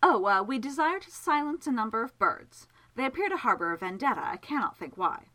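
A woman's voice: a little high, very animated, fairly quick, bright, forceful tone, pitched above the performer's own voice. A woman voicing a shy, polite male scholar-magician who speaks earnestly and a little timidly.

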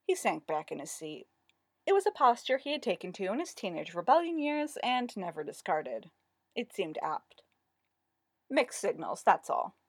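A woman narrating a story aloud in an expressive, wry reading style. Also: mid-range voice, normal speed, no room sound, clean studio sound.

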